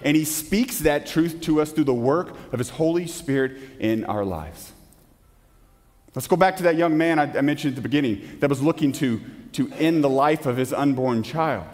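A man preaching a sermon as pastor in a church, emphatic, asking rhetorical questions and dropping suddenly to a hush. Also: medium pitch. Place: church sanctuary. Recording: long hall reverb.

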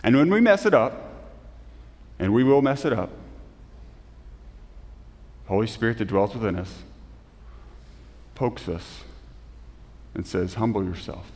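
A man preaching a sermon as pastor, earnest, with emphatic rises and soft, slow drops. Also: lowish voice, expressive. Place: church sanctuary. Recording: long reverb of a church hall.

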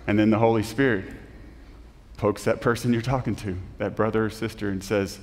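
A man preaching a sermon as pastor, earnest, with emphatic rises and soft, slow drops. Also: fairly low pitch, fairly even intonation. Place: church sanctuary. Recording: long reverb of a church hall.

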